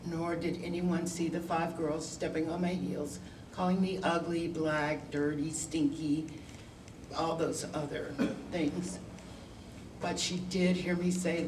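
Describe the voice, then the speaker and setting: Deep-voiced, an older woman addresses a school class as a guest, narrating her own story in a frank, wryly funny, conversational manner. Background noise is present, and the far mic yields a roomy sound.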